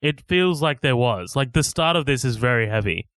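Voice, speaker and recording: A man's voice: medium pitch, lively intonation, normal speed, a bit bright, no echo. A man co-hosting a casual movie podcast, rambling, swearing often and laughing between thoughts. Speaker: podcast co-host. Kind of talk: casual movie review chat.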